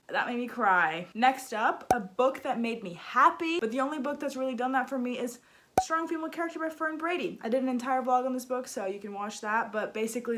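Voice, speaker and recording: A woman's voice: high-pitched, a bit bright. Bubbly young woman gushing about books. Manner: bubbly, gushing, self-mocking. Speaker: book vlogger. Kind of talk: casual chat.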